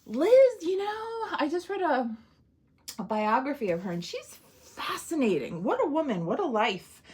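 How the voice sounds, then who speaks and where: A woman casually reviewing an old film in a chatty vlog, animated and laughing often, acting out bits of dialogue. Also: medium pitch.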